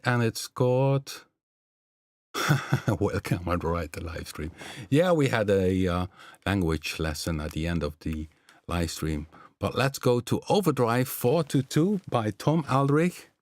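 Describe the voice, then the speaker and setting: A man's voice: deep voice, no echo. A man from the southern Netherlands with a Dutch accent and Limburgish as his first language, hosting a live stream in a rambling, chatty way with many fillers. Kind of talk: casual live stream chat.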